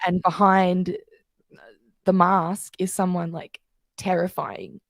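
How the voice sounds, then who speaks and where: A woman's voice: lowish voice, flat delivery, slow pace, no echo, studio quality. A woman guest coach explaining things in casual interview chat, telling stories and acting out the voices she quotes.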